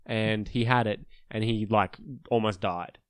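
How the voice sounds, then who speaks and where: A young man co-hosting a podcast, telling drinking stories in a casual, animated way, laughing and acting out his friends' lines. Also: fairly low pitch, unhurried, smooth, no room sound. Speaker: podcast co-host. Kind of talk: casual storytelling chat.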